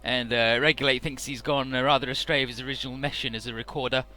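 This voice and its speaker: A man's voice: mid-range voice, fairly even intonation, fast talker, sharp tone, faint music behind. A man casually recapping a video game story for his let's play, chatty and full of "uh" and "he's like".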